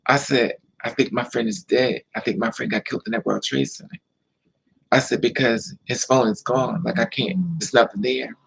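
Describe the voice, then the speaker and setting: Gravelly, husky man telling a story. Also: medium pitch, steady tone, moderate pace, a bit bright, low-quality recording. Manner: repetitive, emotional retelling with quoted dialogue. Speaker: vlogger. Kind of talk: casual personal storytelling.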